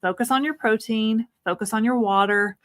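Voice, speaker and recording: A woman's voice: a little high, moderate pace, no echo. Chatty middle-aged woman co-host, dry sound. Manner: chatty, laughs often, gives practical advice. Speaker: co-host of a weight-loss livestream. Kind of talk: casual live-stream chat.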